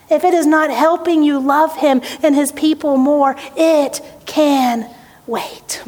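A woman's voice: high-pitched, darkish tone. A woman pastor preaching a conversational sermon to her congregation, speaking from a church sanctuary. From United States. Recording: hall reverb, church sanctuary.

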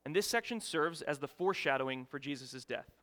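A man preaching as a guest speaker, telling a story with lively rises in his voice. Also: a little high, brisk. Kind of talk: sermon. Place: church sanctuary. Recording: long reverb of a church hall.

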